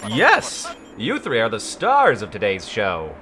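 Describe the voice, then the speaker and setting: A man voicing a showy TV-headed male game show host with a put-on mid-Atlantic accent and a booming, salesy delivery. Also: wildly swooping pitch, takes it slowly, over music, full character voice. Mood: announcing.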